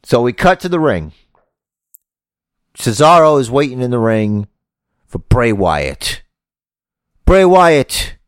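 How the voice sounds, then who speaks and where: A man hosting a podcast in casual chat, telling a comic wrestling story in an animated, joking way and swearing casually. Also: medium pitch, unhurried, long pauses, dry recording, studio quality. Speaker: podcast host.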